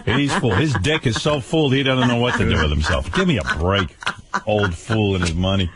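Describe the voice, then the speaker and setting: A man's voice: lowish voice, fairly quick, noisy background. An older man hosting a radio show, ranting with profane sarcasm and stammered repeats. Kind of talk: angry on-air rant. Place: radio studio.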